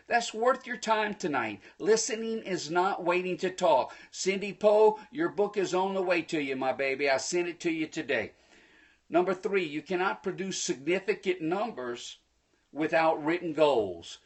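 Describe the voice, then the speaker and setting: A man giving a live-streamed motivational talk, preachy and energetic, speaking to viewers through a phone. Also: fairly high pitch, slightly rough. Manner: energetic, preachy, bursts into excited shouts; folksy, addresses viewers directly. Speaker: motivational speaker hosting a livestream.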